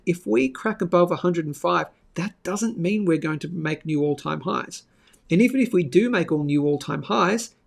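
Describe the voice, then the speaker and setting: A man's voice: high voice, vocal fry. A man hosting a live market show, talking through charts casually, thinking aloud, with sudden bursts and asides.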